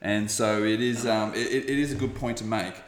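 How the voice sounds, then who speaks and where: A man with a somewhat low voice hosts an interview, asking long questions that wander and fill gaps with "um" and "you know". The room has a noticeable echo. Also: steady tone, fairly quick. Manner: rambling questions with fillers. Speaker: interview host. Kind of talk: conversational interview.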